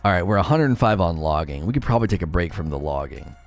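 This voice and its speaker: A man's voice: low voice, expressive, soft background music. Chatty male game streamer. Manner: chatty, reads viewer comments aloud and answers them; sometimes talks very fast. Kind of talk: casual live-stream chat while gaming.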